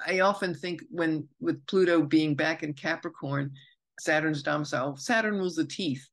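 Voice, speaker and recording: A woman astrologer hosts her own podcast in an unscripted spoken monologue, meandering and reflective, correcting herself and drifting into asides. Her voice is low and she speaks at normal speed.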